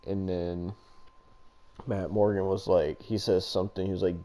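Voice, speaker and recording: Low, mellow-voiced man recapping wrestling. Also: fairly even intonation, measured pace. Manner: rambling, profane, laughs often. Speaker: podcast co-host. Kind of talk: casual wrestling recap chat.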